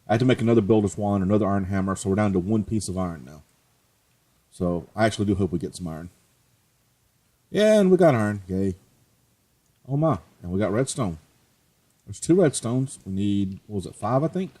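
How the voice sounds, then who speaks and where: Husky low-voiced man narrating gameplay. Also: animated, a little fast, long pauses, mellow. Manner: chatty, joking, self-mocking. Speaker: let's play host. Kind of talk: casual gameplay commentary.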